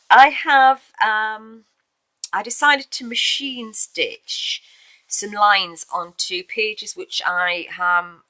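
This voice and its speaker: A woman's voice: fairly low pitch, bright, forceful tone, no echo, rough recording. A woman casually showing a handmade journal she made, talking in a chatty way with fillers and little self-corrections. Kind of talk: casual show-and-tell video.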